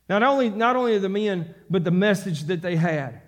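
Male pastor, high voice, fervent sermon delivery with repeated emphatic lines. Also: expressive, normal speed, few pauses. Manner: impassioned preaching, repeats phrases for emphasis. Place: church sanctuary.

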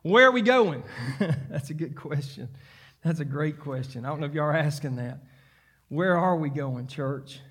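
A male pastor delivers a sermon. His voice sits high for a man and climbs into fervent, near-shouted emphasis as he reads scripture and exhorts the congregation. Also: animated, normal speed, breathy edge.

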